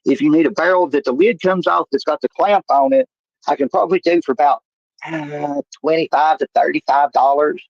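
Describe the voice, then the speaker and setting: A man's voice: on the high side, lively intonation, a little fast, gravelly, no room sound. A man, rambling in folksy, salesman-like talk as a stream guest. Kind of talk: casual talk. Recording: muffled stream audio.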